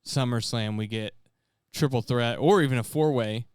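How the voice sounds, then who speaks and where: A man co-hosts a podcast in a loose, joking casual chat, swearing freely. His mid-range voice is a little mellow and clean, at normal speed, recorded dry with studio quality.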